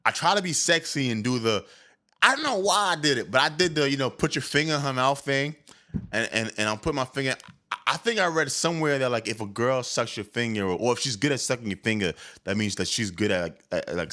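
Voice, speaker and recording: Candid, bright-voiced young man telling a story. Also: medium pitch, fairly quick. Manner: candid, animated, with stammered restarts. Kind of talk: casual comedic storytelling.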